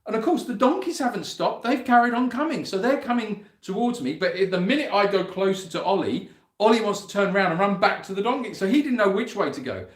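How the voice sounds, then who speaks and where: A man telling a lively story about chasing animals on his farm, often laughing as he talks. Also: high voice, fast, roomy sound. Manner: animated, breaks into laughter, rising voice as story builds. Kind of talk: casual storytelling to camera.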